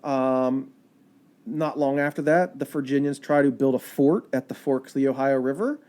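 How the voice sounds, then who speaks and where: A man, a park ranger guest, telling history in a chatty, animated storytelling way. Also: medium pitch, normal speed. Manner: animated, chatty storyteller with fillers and quoted asides.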